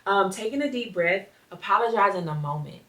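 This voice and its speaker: A young adult woman hosts her podcast alone, chatting casually but earnestly and reflectively with her listeners. Her medium-pitched voice is animated, a bit bright and a little fast, and the recording sounds roomy, as if she's a bit distant from the mic.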